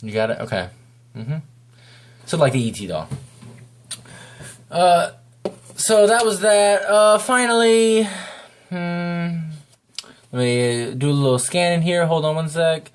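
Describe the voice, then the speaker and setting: A man's voice: on the high side, expressive, slow, long pauses, clear, resonant tone. A man giving a casual, rambling spoken review of a video, talking off the cuff.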